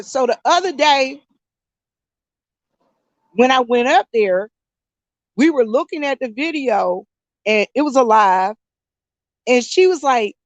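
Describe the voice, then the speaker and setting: A woman's voice: high-pitched, animated, a little slow, no echo. A woman around fifty, chatting casually to her viewers, telling a story with frequent laughter and calling them y'all. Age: 50s. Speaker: YouTube vlogger.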